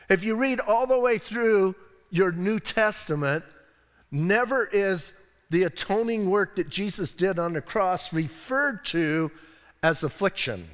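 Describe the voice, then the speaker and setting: Man, American, pastor, conversational sermon, high voice, long church reverb. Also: fairly bright tone. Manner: casual, chatty preaching with asides and rhetorical questions. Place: church sanctuary.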